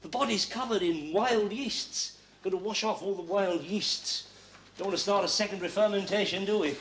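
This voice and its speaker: A fussy, self-important middle-aged father who rambles as he prepares to judge wines. His voice sits fairly high for a man. Faint hiss runs under the old TV soundtrack. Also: moderate pace, fairly bright tone.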